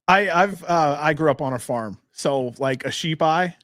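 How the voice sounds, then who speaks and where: A man's voice: a little high, measured pace, no room sound, clean studio sound. A man hosting a casual interview, asking loose questions and laughing easily. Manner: relaxed, laughs often, asks loose questions. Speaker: interviewer, host.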